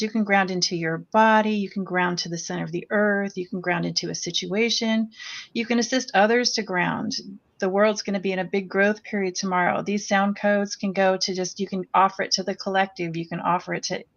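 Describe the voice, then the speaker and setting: A woman leading a guided meditation with chanted vowel sounds, speaking slowly and gently. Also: medium pitch, highs cut off. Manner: slow, gentle and soothing.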